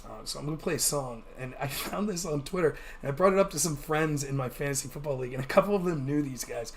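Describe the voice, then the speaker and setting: A man hosting a livestream, ranting about politics in a casual, profane and animated way. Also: a little high, fast talker. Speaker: livestream host.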